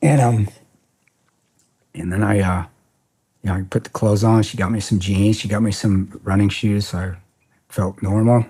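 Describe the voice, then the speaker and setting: Middle-aged male guest, low husky voice, blunt and profane, rambles through restarts. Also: steady tone, moderate pace, long pauses, warm tone. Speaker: podcast guest. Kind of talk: casual storytelling interview.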